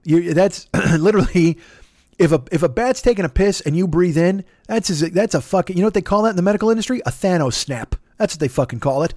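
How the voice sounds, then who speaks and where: A man hosts a comedy podcast, swearing freely and ranting in a sarcastic, rambling way. His voice sits a bit high for a man. The sound is close and dry. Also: lively intonation, quick pace, a little mellow, no echo. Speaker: podcast host.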